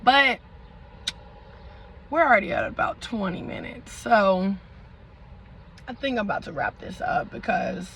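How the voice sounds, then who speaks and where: A young woman vlogger telling a storytime in a dramatic, animated way, full of slang and asides to her viewers. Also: mid-range voice, measured pace, vocal fry, pauses often, a little hiss or hum, low-quality recording. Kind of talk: storytime vlog.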